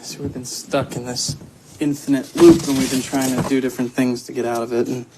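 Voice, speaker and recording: A man's voice: medium pitch, level tone, brisk, natural voice. Brief: actor as a weary, exasperated man, dry delivery, noisy soundtrack.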